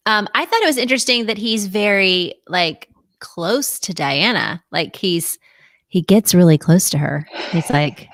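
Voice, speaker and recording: A woman's voice: lowish voice, expressive, moderate pace, creaky, a bit bright, dry recording, clean studio sound. A woman hosting a casual live-streamed chat, bubbly and chatty and laughing often, on a video call. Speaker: host.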